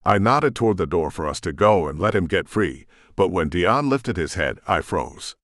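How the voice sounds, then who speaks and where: A man's voice: deep voice, lively intonation, normal speed, a bit bright, no room sound, studio quality. A man narrating a first-person audiobook with tense, emotional storytelling.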